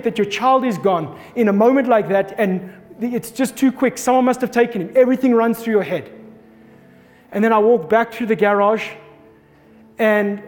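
High-voiced man preaching in a reverberant hall. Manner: animated storytelling, acting out his own shouts. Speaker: pastor. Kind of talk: sermon with a personal story. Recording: long reverb of a hall, faint music behind.

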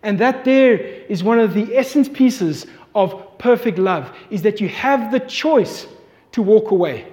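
A man in his thirties preaching a sermon, telling a family story in an animated way as a pastor. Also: high-pitched, measured pace. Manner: animated storyteller, voice climbing when excited. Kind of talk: sermon with personal anecdote. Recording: long reverb from a large hall.

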